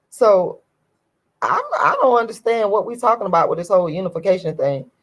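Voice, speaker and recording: A woman's voice: mid-range voice, animated, moderate pace, rough recording. A woman vlogger giving a ranting commentary to her viewers, emphatic and indignant, repeating her points over and over.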